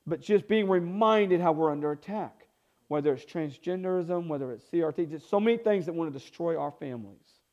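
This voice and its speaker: A man's voice: on the high side, fairly quick, darkish tone, dull audio. A male pastor preaching a sermon, emphatic and repetitive, calling for responses from the congregation.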